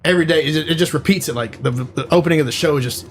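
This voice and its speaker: A man's voice: a little high, racing, faint music behind. A man co-hosting a podcast, casually retelling a movie plot in a rambling way, full of "like" and "you know.". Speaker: podcast co-host.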